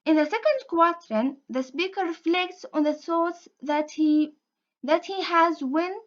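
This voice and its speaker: A young woman with a high voice gives a slow, careful class presentation, stopping to restart and repeat her phrases. The recording is dull and lo-fi. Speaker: student presenter.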